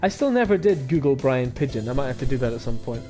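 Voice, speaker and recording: A man streaming a visual novel, reading it aloud with animated, laughing asides. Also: medium pitch, quick pace, few pauses, soft background music.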